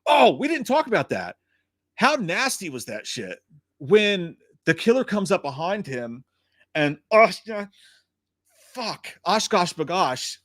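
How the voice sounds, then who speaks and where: A man's voice: high-pitched, unhurried, no room sound, studio quality. A man hosting a casual livestream, talking in a loose, profane way and answering chat comments. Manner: profane, animated storytelling. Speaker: host.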